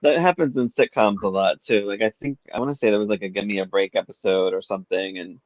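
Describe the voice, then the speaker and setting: A man with a fairly low voice in relaxed podcast chat, tossing in easygoing asides. His voice comes through a dull, lo-fi mic in a dead, dry space. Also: quick pace, no echo. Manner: relaxed, reactive listener, chatty asides. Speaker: podcast co-host. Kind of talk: casual chat.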